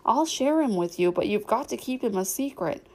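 A woman's voice: a little high, expressive, normal speed, a little mellow. A woman reading aloud, voicing an earnest young boy who is a big brother.

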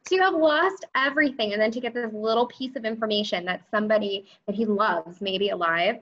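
Excitable woman cohost laughing a lot, kinda dull lo-fi sound on her mic. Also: mid-range voice, fairly quick, slight background noise. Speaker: podcast co-host. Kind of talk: casual chat.

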